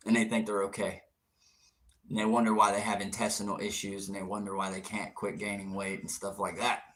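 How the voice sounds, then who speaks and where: A man's voice: on the low side, flat delivery, brisk, fairly bright tone. A young man hosting an outdoors livestream, answering viewer comments in a brash, teasing, profane way with frequent laughter.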